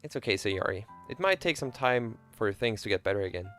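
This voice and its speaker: A man's voice: lowish voice, very animated, brisk, bright, forceful tone, faint music behind. A young man streaming, reading a visual novel aloud in a playful, joking way and chatting with viewers.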